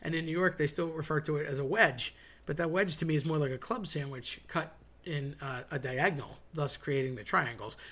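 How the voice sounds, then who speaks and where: A man talks in a loose, chatty monologue, wandering into side stories and wry asides. His voice sits a little high for a man. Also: fairly quick, pushed and bright. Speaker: host. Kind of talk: casual monologue.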